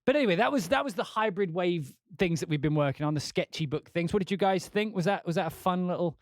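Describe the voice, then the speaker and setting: A man's voice: high-pitched, lively intonation, fast talker, dry recording, clean studio sound. A young man, a composer, chatting casually to his stream while working. He swears a lot, mocks himself, and plays with a put-on Scottish accent. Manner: swearing, self-mocking, talking to chat while working software; putting on a mock Scottish accent. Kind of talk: casual livestream chat.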